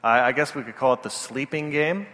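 A man's voice: medium pitch, fairly quick, pushed and bright. Male pastor, mid-range voice, earnest storyteller, long hall echo. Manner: storytelling, self-deprecating and earnest. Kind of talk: sermon.

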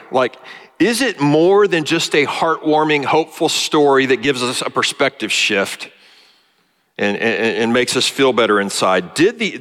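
A male pastor preaching a sermon in a church, earnest and halting, with many fillers. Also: medium pitch, a bit bright, in a large hall. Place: church sanctuary.

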